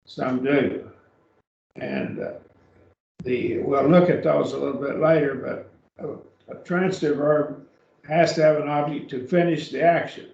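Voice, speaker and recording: A man teaches grammar to a class in a slow, unhurried voice with a gravelly edge, often stopping to repeat himself or restart. He sounds like he is in a church classroom, with a roomy, somewhat dull recording around him. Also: medium pitch, a little mellow. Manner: slow, repeats words, many fillers and restarts. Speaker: Greek teacher.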